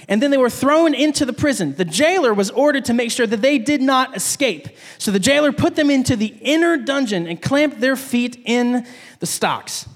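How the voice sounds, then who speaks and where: A man's voice: very high-pitched, long reverb tail. A man giving a casual sermon, with frequent fillers and restarts. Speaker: preacher.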